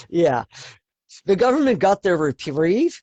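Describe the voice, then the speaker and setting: Profane high-voiced Canadian man. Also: mellow, no room sound, dull audio. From Eastern Canada. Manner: profane, rambling storytelling with frequent swearing. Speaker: podcast co-host. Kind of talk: casual chat.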